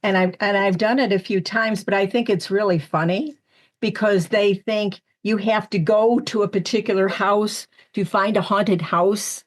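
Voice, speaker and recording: A woman's voice: mid-range voice, normal speed. An older woman, a spiritual medium, telling stories chattily in a casual interview, acting out what people said. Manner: chatty, animated storyteller who acts out quotes. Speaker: guest medium.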